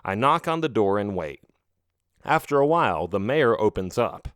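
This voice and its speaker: A man's voice: fairly low pitch, very animated, moderate pace, fairly bright tone, smooth, dry recording. A man narrating a children's audiobook in the first person, reading expressively into a close mic.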